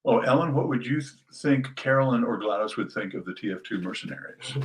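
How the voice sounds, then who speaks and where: An older man chatting casually on a livestream while signing prints, playful and animated as he reads out names. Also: medium pitch, fairly quick, rough recording.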